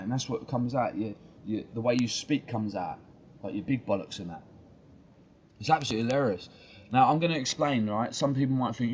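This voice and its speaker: Male stream host, heated sweary rant, mid-pitched, dull lo-fi mic. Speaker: fan channel host. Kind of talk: ranting live-stream commentary. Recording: dull lo-fi stream audio with faint noise.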